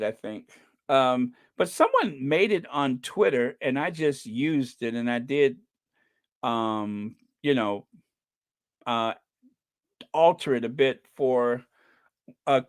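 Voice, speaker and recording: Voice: medium pitch, no echo, studio quality. A livestream host reading the chat in a casual, chatty way, laughing often and stretching out repeated no's.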